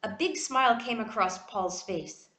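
A woman reads a children's storybook aloud with animated expression. Her voice sits fairly high and moves widely, and an echoey room surrounds it. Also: a little slow. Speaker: reader.

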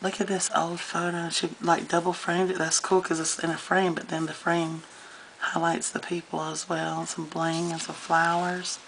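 A woman, chatting warmly and gushing as she shows scrapbook pages in a casual vlog. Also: lowish voice, level tone, moderate pace, vocal fry, a little hiss or hum, poor audio. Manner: gushing, chatty, easily moved. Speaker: scrapbooking vlogger. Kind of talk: casual show-and-tell vlog.

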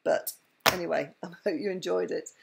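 A woman's voice: fairly low pitch, fairly even intonation, fairly quick, creaky, noisy background. A woman reading a bedtime picture book to her children, adding playful, chuckling asides.

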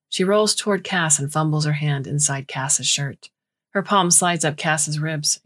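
A woman narrating a short story in a measured, scripted reading. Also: deep voice, fairly bright tone.

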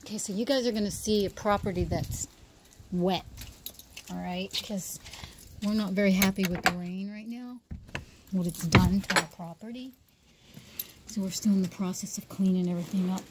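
A woman at an outdoor dog rescue talking in a low, hushed voice to the camera, and switching to high, excited praise when she speaks to the dogs. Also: moderate pace, background noise. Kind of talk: casual vlog narration.

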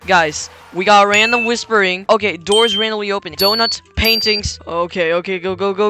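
A gamer giving live commentary while playing, jumpy and excitable, repeating words in quick bursts and yelping when something startles them. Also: mid-range voice. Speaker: gamer playing a horror game. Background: game music.

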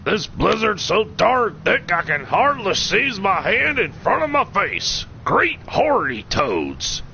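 A blustering old cowboy prospector, put on by a man, barks in a loud, gravelly, high drawl. The recording sounds slightly dull. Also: huge pitch swings, slow, slight background noise, full character voice.

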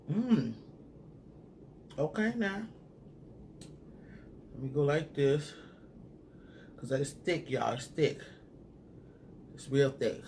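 A man's voice: medium pitch, animated, slow pace, vocal fry, long pauses, darkish tone, a little hiss or hum. A man in a casual food-review vlog who chats straight to his viewers and hums and murmurs while he eats. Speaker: mukbang vlogger reviewing a sauce.

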